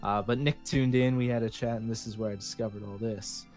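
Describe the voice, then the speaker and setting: A man's voice: on the low side, fairly even intonation, a little fast, darkish tone, faint music behind. A man co-hosting a podcast in easygoing casual chat, steering the conversation. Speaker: podcast co-host.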